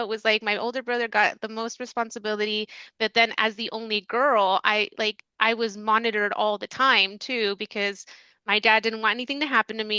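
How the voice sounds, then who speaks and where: A woman's voice: fairly high pitch, sharp tone, smooth, no room sound, dull audio. A middle-aged woman with a Mexican American accent, a therapist guest speaking reflectively and openly in casual conversation.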